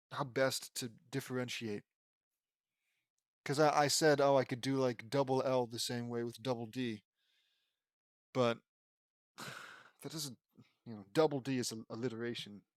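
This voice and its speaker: A man reads his fan fiction aloud in an ordinary middle-pitched voice, wandering into chatty, self-deprecating tangents. The sound is close and dry, with no room echo. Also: measured pace, long pauses. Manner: rambling, self-mocking commentary with laughs. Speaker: fan fiction audiobook reader.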